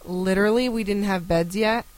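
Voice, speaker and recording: A young woman chats as a podcast guest, telling personal stories with animation and acting out what others said. Her voice sits at a middle pitch. She talks casually. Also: moderate pace, crowd noise, poor audio. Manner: animated storyteller, acts out quotes. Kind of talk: casual chat.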